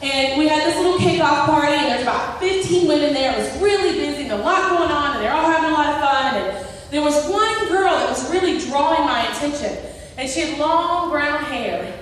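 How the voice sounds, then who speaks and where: A high-pitched middle-aged woman tells a personal faith story at a church event, acting out each quote as she goes. Her voice carries through a big echoing hall from some distance away, with a long reverb trailing off every phrase. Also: expressive, brisk, slight background noise. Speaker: guest speaker. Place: large indoor event hall. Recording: echoey hall picked up from far off.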